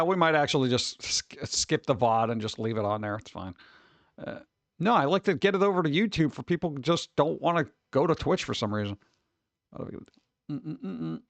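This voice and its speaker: A man's voice: a little high, vocal fry, fairly bright tone, no echo. Rambling, exasperated male streamer. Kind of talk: casual live-stream chat.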